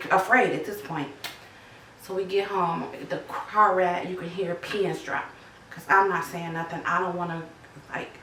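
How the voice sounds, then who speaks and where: A woman recounts her own story in a low, gravelly voice. She talks conversationally, with fillers and bits of quoted dialogue. The mic sits some way off in an echoey room with faint background noise. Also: fairly bright tone, distant mic. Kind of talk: personal testimony.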